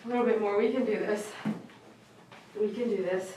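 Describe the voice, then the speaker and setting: A woman dog groomer on a live stream, talking softly and emotionally to a dog while she grooms it. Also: mid-range voice, steady tone, slow, long pauses. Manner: soft, emotional, coaxing talk to a dog. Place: grooming room. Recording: roomy sound from a distance over faint noise.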